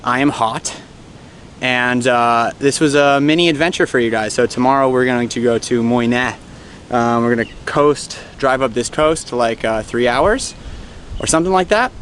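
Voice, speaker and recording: A man's voice: medium pitch, normal speed, fairly bright tone, slight background noise. Rambling American man vlogging outdoors. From United States. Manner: chatty, rambling and self-mocking. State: out of breath. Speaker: travel vlogger. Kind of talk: casual travel vlog. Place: outdoors on a hot hillside in a coastal town.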